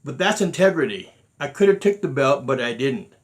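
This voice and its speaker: A man's voice: mid-range voice, expressive, moderate pace. Emphatic man telling stories. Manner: emphatic, repeats words, acts out quotes. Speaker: martial arts grandmaster.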